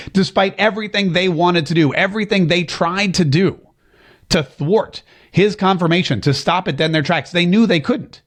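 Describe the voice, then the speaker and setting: A man hosting a call-in political talk show, rambling and sarcastic, with many fillers and restarts. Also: high-pitched.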